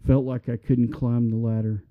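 This middle-aged pastor delivers a sermon in an ordinary male register, moving from earnest, conversational talk to passionate appeals. He keeps a level tone at a normal speed, captured on a somewhat dull, lo-fi recording.

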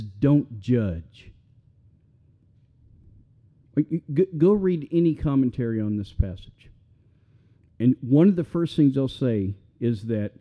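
A man preaching a sermon as pastor, conversational and animated, with self-deprecating humor. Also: fairly high pitch, muffled recording.

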